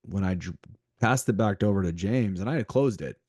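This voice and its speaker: A man's voice: on the low side, moderate pace, a little mellow, dry recording, studio quality. A man co-hosting a podcast, talking animatedly in a motivational way, repeating himself and speaking straight to the listeners. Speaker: podcast co-host.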